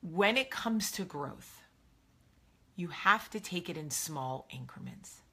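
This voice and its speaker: A woman's voice: lowish voice, lively intonation, takes it slowly, pushed and bright, slightly rough. A woman in her thirties hosting a live video, talking candidly and animatedly as she gives personal advice in a casual monologue. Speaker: host of a live video show. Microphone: phone or webcam, live video.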